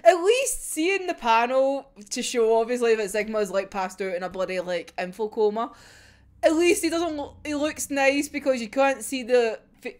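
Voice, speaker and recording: A woman's voice: a little high, normal speed. Giggly, sweary young woman reacting. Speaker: manga reviewer. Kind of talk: casual chapter reaction.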